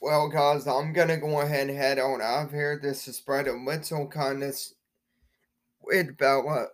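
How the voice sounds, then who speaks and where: A man's voice: medium pitch, flat delivery, measured pace. A man hosting his own podcast, rambling along with many fillers and repeated words. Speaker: podcast host. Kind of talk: casual monologue podcast.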